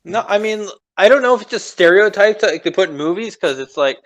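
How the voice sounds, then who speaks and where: A man's voice: high voice, expressive, quick pace, muffled recording. A young man co-hosting a podcast, rambling loosely and laughing as he talks about movies. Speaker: podcast co-host. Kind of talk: casual comedic chat.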